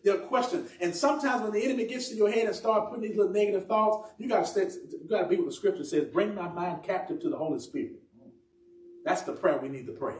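A pastor preaching a sermon, with emphatic, drawn-out phrasing. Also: male voice, high voice. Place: church sanctuary. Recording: echoey church room from far off.

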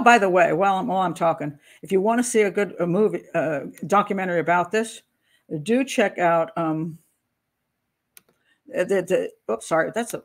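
A woman hosting a casual commentary show as a criminal profiler. She talks loosely to camera, rambles and teases herself as she searches aloud for her material. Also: mid-range voice. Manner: rambling, searching aloud for notes, self-deprecating.

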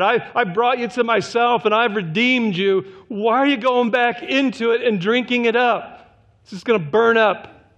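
An earnest male pastor preaching a sermon in a fairly high voice. He often drops low and hushed to press a point home. The recording is a little dull and lo-fi. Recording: slightly dull, lo-fi church recording.

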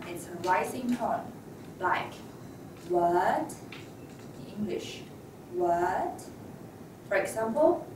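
A woman who speaks natively teaches tones in English, calmly modeling each sound and pausing for students to repeat. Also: on the high side. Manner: patient, models sounds and pauses for repetition. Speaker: Mandarin teacher. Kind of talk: slow, deliberate language lesson. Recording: echoey room, mic at a distance, background noise.

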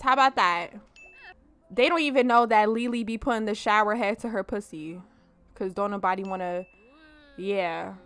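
A woman hosts a let's play, talking straight to her viewers with animated, casual commentary on the game and swearing freely. Her voice is a little high, her pace normal, and there's no echo.

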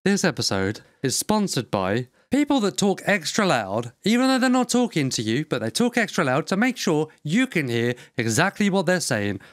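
Animated lad telling a story. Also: male voice, on the high side, moderate pace, hardly any pauses, no room sound, clean studio sound. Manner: lively, laughing, sweary storyteller. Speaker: podcast co-host. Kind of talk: casual banter.

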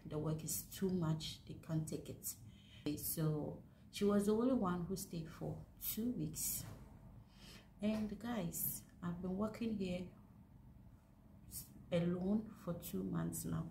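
A young woman from Ghana talks straight to a camera on a stand in a casual vlog, slow and deliberate, sounding aggrieved and emphatic as she repeats her points. Her voice sits a little low. The room is echoey, with faint noise behind her. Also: mellow. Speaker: vlogger. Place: indoors in a house.

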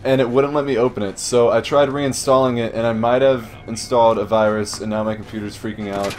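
Guy doing a let's play, mid pitch, jokey and sweary, yells at the baddies, faint game music behind. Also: fairly even intonation, brisk. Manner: jokey, swears a lot, shouts at enemies. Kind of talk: casual gameplay commentary. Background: faint game music and gunfire.

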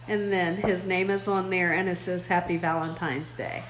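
A woman's voice: on the low side, fairly even intonation, moderate pace, hardly any pauses, slight background noise. A woman hosting her own vlog, chatting effusively and talking straight to her viewers in a casual way. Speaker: vlog host.

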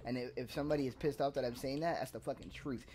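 A man's voice: medium pitch, fairly even intonation, racing, dark tone, a little hiss or hum. A man co-hosting a gaming stream, talking candidly and rambling with plenty of swearing and restarts. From Puerto Rican family. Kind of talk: casual chat.

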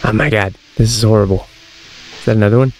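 A man's voice: fairly low pitch, fast talker, darkish tone, soft background music. A young man commenting on a horror shooter as he plays, with jumpy, self-mocking reactions. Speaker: gaming streamer. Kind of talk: let's-play commentary.

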